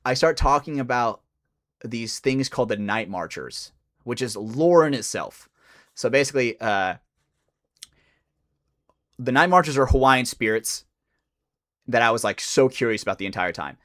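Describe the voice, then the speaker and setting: A man's voice: medium pitch, moderate pace, long pauses. A young man, a podcast co-host, telling a story in casual chat, swearing and acting out the people he quotes. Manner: animated, swearing, acts out quoted voices.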